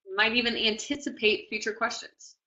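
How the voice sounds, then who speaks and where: Woman tutor lecturing a class, bright voice, kinda muffled lo-fi recording, keeps saying okay and right. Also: on the high side, fairly even intonation, a little fast. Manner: chatty, asks "okay?" and "right?" often. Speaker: test prep tutor.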